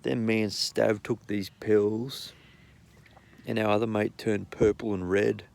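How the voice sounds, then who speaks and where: A man's voice: lowish voice, little pitch movement, unhurried, gravelly, a little mellow. A young man with an Australian accent telling rambling, profane anecdotes in a blunt, casual way. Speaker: storyteller.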